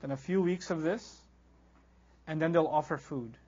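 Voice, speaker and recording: A man teaching a Quran lecture in an animated, conversational way, reciting Arabic verses quickly between casual explanations. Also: a little high, husky, muffled recording.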